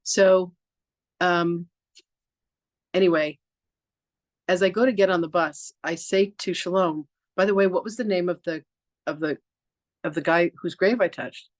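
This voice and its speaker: A woman's voice: fairly low pitch, fairly even intonation, unhurried, pauses often, no room sound. A woman podcast host and reverend telling a personal story in casual chat, acting out the dialogue with lots of "like" and restarts. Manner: chatty, peppered with "like" and restarts.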